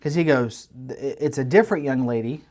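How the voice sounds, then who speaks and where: A man, co-hosting a podcast and telling a long story in a casual, animated way with lots of restarts. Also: mid-range voice, brisk. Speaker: podcast co-host. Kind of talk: casual chat.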